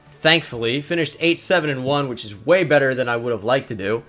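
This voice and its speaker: A man's voice: mid-range voice, expressive, fast, few pauses, fairly bright tone, soft background music. A young man giving casual commentary over a sports video game, blunt and exasperated, swearing freely. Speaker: gaming YouTuber.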